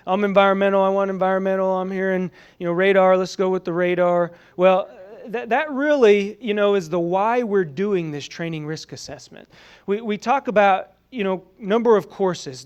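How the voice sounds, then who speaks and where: High, clear-voiced man presenting. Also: dull audio. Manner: conversational, many "you know" fillers, questions the audience. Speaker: presenter at a training summit. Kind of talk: conference presentation. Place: meeting room with an audience.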